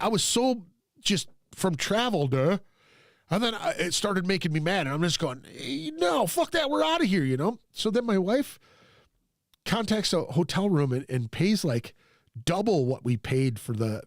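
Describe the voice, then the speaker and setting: A man's voice: on the high side, no echo, clean studio sound. A man hosting a podcast, telling a story in a casual, profane way and acting out what people said. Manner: profane, animated, quotes people in his own voice. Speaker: podcast host.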